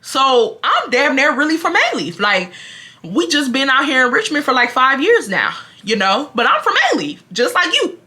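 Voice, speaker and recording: A Houston, Texas woman in her twenties tells a dramatic, profane storytime straight to her viewers. As a storytime vlogger she is animated and casual, speaking at a normal speed in a high-pitched voice.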